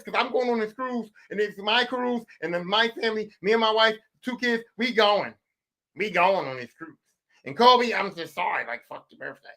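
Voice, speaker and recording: A man in his forties rants on a casual podcast, swearing freely. He jumps between loud outbursts and low asides. His voice sits high and bright, with a forceful edge. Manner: profane, animated storytelling, swings from loud bursts to low mutters. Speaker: podcast host. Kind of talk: casual comedic rant.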